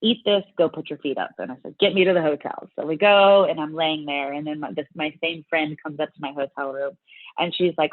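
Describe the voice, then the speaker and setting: A woman guest telling her story in a casual interview, animated and full of restarts. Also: deep voice, fairly quick, no echo, phone-quality sound. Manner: animated, many restarts and fillers. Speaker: guest, bodybuilding competitor.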